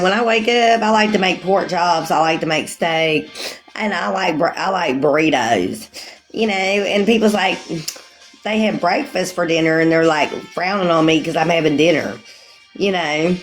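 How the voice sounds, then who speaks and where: Woman, 40s, chatty livestreamer, rambling and giggly, average pitch, faint music underneath. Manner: rambling, calls viewers sweetie, laughs often. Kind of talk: casual livestream chat with viewers.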